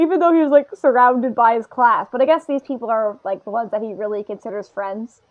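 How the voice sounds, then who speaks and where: Chatty lady on a podcast, pretty high voice, goes off on tangents, kinda muffled sound. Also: fairly quick, hardly any pauses. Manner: rambling and animated, laughs a lot, puts on voices to quote characters. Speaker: podcast co-host. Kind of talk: casual chat reviewing an anime episode.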